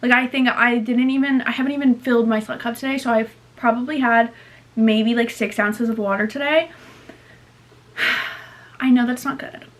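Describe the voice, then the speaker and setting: Tired 20s girl vlogging, kinda high voice, rambly, says like a lot. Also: steady tone, a little fast. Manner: rambling, chatty, lots of "like" and self-corrections. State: low-energy and tired. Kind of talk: casual vlog chat to camera.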